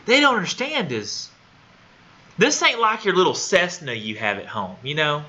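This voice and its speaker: Brief: a man playing a showy televangelist preacher who brags in a high, shouting drawl, captured on a muffled room recording. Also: sing-song, normal speed. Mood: boastful. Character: loud boastful male televangelist preacher, folksy.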